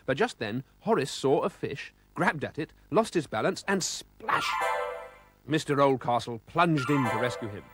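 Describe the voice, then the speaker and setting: A man's voice: medium pitch, animated, normal speed, few pauses, loud music behind the voice. A man with a British accent narrating a children's storybook expressively, voicing sound effects.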